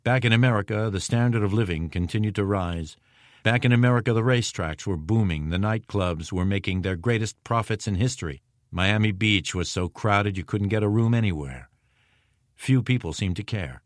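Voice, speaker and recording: A man narrating an audiobook in a steady, measured scripted reading. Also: low voice, no room sound, clean studio sound.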